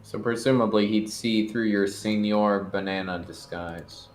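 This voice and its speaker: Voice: low voice, steady tone, a little slow. A player musing offhandedly during a casual tabletop game session. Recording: roomy, faint hiss.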